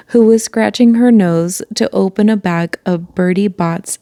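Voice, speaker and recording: A woman reading a children's chapter book aloud in a calm, unhurried way, with the odd aside. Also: mid-range voice, dry recording, studio quality. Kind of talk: storybook read-aloud.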